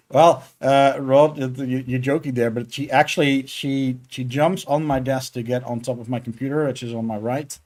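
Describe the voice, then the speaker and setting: A man's voice: medium pitch, a little slow. A man streaming his game development work, chatting casually and thinking aloud with many fillers. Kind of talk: casual live coding stream.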